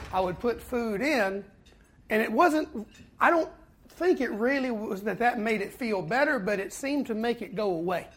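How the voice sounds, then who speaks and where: A man giving a personal recovery talk to a fellowship meeting, telling his story earnestly with pauses and repeated words. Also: high-pitched, slightly rough. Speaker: speaker at a twelve-step fellowship meeting.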